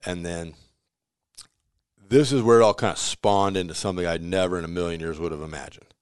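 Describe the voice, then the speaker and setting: A man with a very low voice runs through stories from his pizzeria kitchen in an easy, chatty way. He slips into the voices of the people he quotes and laughs along as he goes. The sound is close and dry, with no room around it. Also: fairly quick, clean tone, dry recording. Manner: animated storyteller who acts out quoted voices, laughs often. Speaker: pizzeria owner. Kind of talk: casual storytelling interview.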